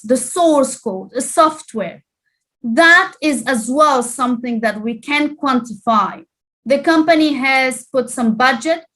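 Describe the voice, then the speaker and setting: A woman giving a presentation on cyber risk, speaking quickly and explaining with frequent asides. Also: high voice, fairly bright tone. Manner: fast-paced, explanatory with many asides. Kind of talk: presentation talk.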